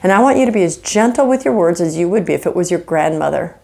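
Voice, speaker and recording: Animated woman giving marriage advice. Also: fairly low pitch, quick pace, creaky. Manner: animated, earnest, acts out example dialogues. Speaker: marriage counselor. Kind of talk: faith-based relationship teaching.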